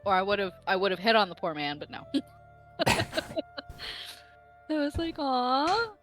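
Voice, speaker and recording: A woman chatting casually on a live stream, telling an animated story and laughing often. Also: medium pitch, unhurried, faint music behind. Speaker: player. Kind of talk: casual chat.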